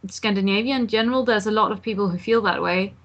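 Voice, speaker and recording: A woman's voice: medium pitch, fast talker, fairly bright tone, lo-fi sound. A young woman from Denmark with a Danish accent, chatting casually on a podcast and often restarting her sentences. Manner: hesitant, restarts often, earnest. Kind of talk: casual chat.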